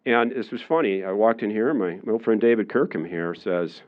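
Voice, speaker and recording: A man's voice: on the low side, a little fast, hardly any pauses. Casual-talking male lecturer, slightly dull sound. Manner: conversational, acts out quoted voices, many fillers. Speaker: university lecturer. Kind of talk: public lecture. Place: lecture room.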